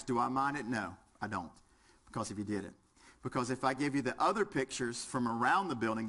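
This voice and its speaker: A man with a light Southern accent leads a fire service class, trading quips with the room while he quizzes trainees. His voice sits at an ordinary middle pitch, and his talk stays casual and folksy. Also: fairly bright tone. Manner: joking, folksy, quizzes the audience. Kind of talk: lecture with audience participation.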